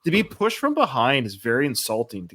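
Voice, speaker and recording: A man's voice: mid-range voice, wildly swooping pitch, fairly quick, sharp tone. A man co-hosting a movie podcast, eagerly explaining scenes in detail during casual chat. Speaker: podcast co-host.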